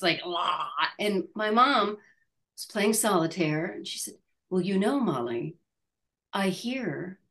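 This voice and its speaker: A woman in her sixties, an actress being interviewed, telling a story in a halting way with many restarts and laughs. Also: medium pitch, pushed and bright. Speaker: actress guest. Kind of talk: casual interview chat.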